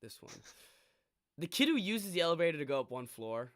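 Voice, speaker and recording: A young man chats casually as a podcast co-host, his voice ringing bright and forceful. He swings his pitch around freely as he tells stories and plays out little back-and-forth exchanges. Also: brisk. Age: young adult. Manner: animated storyteller, acts out quoted exchanges. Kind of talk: casual chat.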